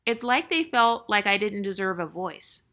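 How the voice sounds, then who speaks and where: A woman's voice: mid-range voice, big pitch swings, normal speed, pushed and bright. A woman hosting her channel, reading a viewer's story aloud in a chatty way and breaking in with joking asides.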